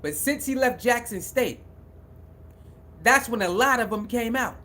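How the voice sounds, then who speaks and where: A man runs a casual sports live stream with a high, bright voice. He circles back over the same points again and again and breaks off to greet viewers in the chat. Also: animated, unhurried.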